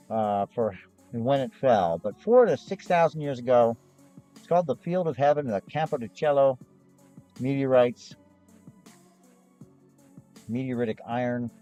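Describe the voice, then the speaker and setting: A hoarse man, losing his voice, hosts a live gem and fossil sales show in a rambling, chatty way with frequent restarts. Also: medium pitch, mellow, dull audio. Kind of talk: casual live-stream sales chat.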